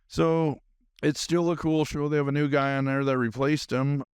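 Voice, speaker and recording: A man's voice: on the high side, steady tone, moderate pace, clean tone, no room sound, studio quality. A man hosting his own podcast, talking on and on in a loose, caffeinated monologue full of fillers. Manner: rambling, nonstop talker with many fillers. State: highly caffeinated. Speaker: podcast host. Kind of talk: rambling solo podcast monologue.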